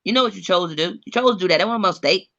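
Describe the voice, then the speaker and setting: A man's voice: high voice, rapid-fire, pushed and bright, dull audio. A man in casual chat, talking in a blunt, emphatic, lecturing way. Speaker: co-host.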